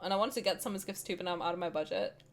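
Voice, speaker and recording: A young woman streaming, reading a game aloud and reacting with excited, swearing banter. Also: lowish voice, rapid-fire.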